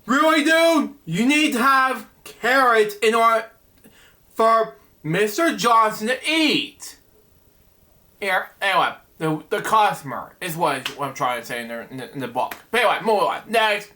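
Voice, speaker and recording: Man hosting a bedtime story reading. Rambles, keeps saying "anyway". High, bright voice. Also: sing-song, moderate pace. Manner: rambling asides, repeated "anyway". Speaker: host reading a children's book. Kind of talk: casual storybook reading with commentary.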